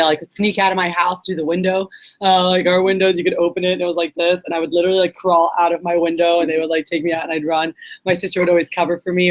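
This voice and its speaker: A woman in her late twenties from Puerto Rico gives a candid, chatty talk at an event. She tells personal stories loosely, with plenty of fillers, and acts out what people said along the way. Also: lowish voice. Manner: candid, animated storytelling with fillers and acted quotes. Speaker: speaker. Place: event hall.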